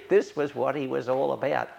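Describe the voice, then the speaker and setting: An older Australian man, speaking on the low side with vocal fry, tells stories from his younger days for an oral history interview and imitates the voices of those he quotes. The recording has its highs cut off.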